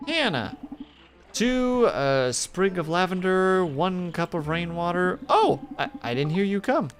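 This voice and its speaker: A soft, slightly flustered woman town doctor, as a man puts her on talks in a raised, light voice. Her pitch moves a lot as she explains. Faint music plays behind her. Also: sing-song, measured pace. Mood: gentle.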